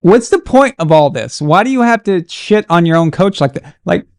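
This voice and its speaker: A man hosting a casual sports live stream, animated and exasperated as he chats with viewers. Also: high-pitched, normal speed, no echo, studio quality.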